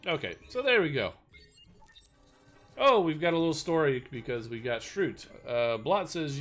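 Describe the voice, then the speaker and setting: A man streaming a mobile game live and chatting casually, rambling and self-deprecating with lots of fillers. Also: a little high.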